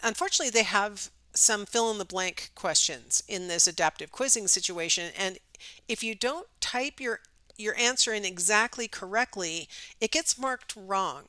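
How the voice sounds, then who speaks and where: Woman lecturing, bright and crisp. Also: mid-range voice, moderate pace, no room sound. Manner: conversational, many ums and rhetorical "right?". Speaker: psychology instructor. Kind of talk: recorded lecture.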